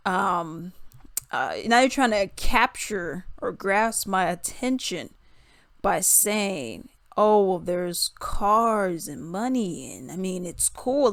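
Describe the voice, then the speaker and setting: A chatty young woman talks straight to her viewers in a relaxed storytime vlog, laughing often and saying "y'all". Her voice sits in a middle range for a woman. The sound is close and dry, with no room echo. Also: mid-range voice. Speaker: vlogger. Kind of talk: casual storytime and reaction commentary.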